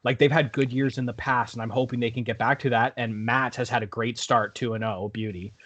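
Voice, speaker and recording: Man, relaxed sports talk, dry close sound. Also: mid-range voice, a little fast, no echo. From Canada. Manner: relaxed, hesitant with fillers. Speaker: podcast co-host. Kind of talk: casual sports podcast chat.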